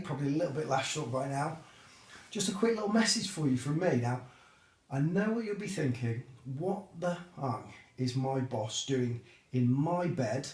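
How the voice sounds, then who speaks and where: A man leaving a mock-sincere comic video message for a coworker, teasing him in a deadpan voice with drawn-out pauses. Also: mid-range voice. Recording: roomy echo.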